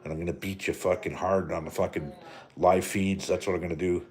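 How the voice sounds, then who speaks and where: A man's voice: low-pitched, fairly even intonation, a little fast, a little mellow. A middle-aged man from Canada hosting a live stream, rambling and joking with lots of profanity. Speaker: livestream host. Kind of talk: casual live-stream rant.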